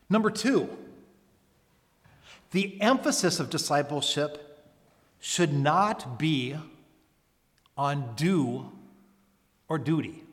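Earnest man preaching in a reverberant hall. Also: on the high side. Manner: earnest, emphatic preaching with rhetorical questions. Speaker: pastor. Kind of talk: sermon. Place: church service.

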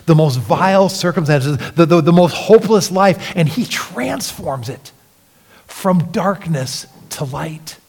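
A man's voice: on the high side, lively intonation, slow pace, breathy edge. Earnest male preacher in a reverberant hall. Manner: earnest preaching, swinging from soft hushed lines to emphatic rises. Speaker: pastor. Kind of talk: sermon.

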